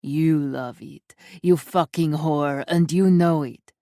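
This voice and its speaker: A woman narrator voicing a lecherous, brutal male thug with a low, sneering, menacing delivery. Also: slow, gravelly, warm tone, no echo, clean studio sound, exaggerated voice. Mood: snarling.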